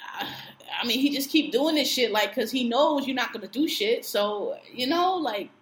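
Animated, high-voiced woman in an echoey room. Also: moderate pace, slight background noise. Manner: animated, profane, acts out quotes with laughter. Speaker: podcast co-host. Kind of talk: casual chat recapping a reality show.

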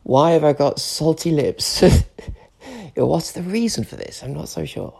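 A man's voice: on the high side, moderate pace, vocal fry, darkish tone, slightly rough. A British man in his forties, tearful and emotional, ranting in an unscripted solo podcast monologue and swearing often. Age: 40s. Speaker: podcast host.

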